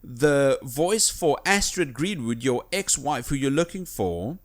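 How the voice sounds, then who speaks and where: A man's voice: mid-range voice, unhurried. A man co-hosting a video game podcast in casual, enthusiastic chat. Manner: enthusiastic, animated storytelling. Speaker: podcast co-host.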